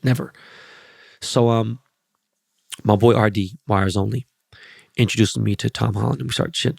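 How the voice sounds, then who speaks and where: Gravelly dude podcast host, cussing nonstop, rambling stories, super dry close mic. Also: male voice, on the low side, no echo. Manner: profane, rambling, animated storytelling. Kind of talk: casual podcast monologue.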